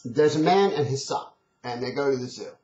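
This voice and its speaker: Here a motivational speaker talks a little fast, his medium-pitched voice animated and darkish in tone. Earnest and conversational, he restarts frequently while recounting a story and calling for change. The old recording is echoey and dull.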